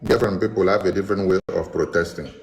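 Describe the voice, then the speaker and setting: Nigerian guy ranting about politics, low-ish voice, mocking tone. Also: steady tone, fast talker, slight background noise, rough recording. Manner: mocking, switches into Pidgin. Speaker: online commentator. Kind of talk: political commentary.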